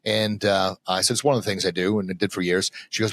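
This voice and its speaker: A man, a confidence coach being interviewed on a podcast, talking in an energetic, emphatic, motivational way. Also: low voice, fast talker, no echo, studio quality.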